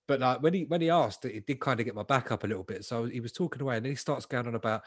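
A man's voice: mid-range voice, racing, few pauses, no echo, studio quality. A young man telling a long, slangy, swear-filled anecdote in a casual podcast chat. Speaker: podcast co-host.

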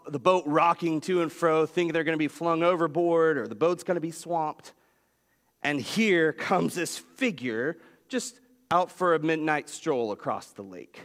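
A man preaching a sermon as pastor, telling a story with lively swings in pitch. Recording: long reverb of a large hall.

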